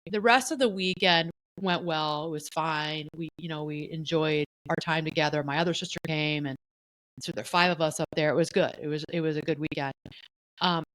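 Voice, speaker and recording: Middle-aged woman, lower register, candid and animated storyteller in a casual podcast chat. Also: fairly quick, dry recording, poor audio. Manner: candid, animated, often voices the people she quotes. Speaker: podcast co-host.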